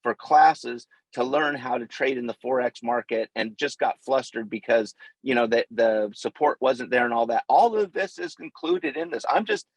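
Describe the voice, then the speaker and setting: A man speaking as a guest on a video call, animated and excitable, stumbling over his words as he backs up a sales pitch. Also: moderate pace, few pauses, no room sound, poor audio. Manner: animated, excitable, stammering restarts. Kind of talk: casual endorsement on a call.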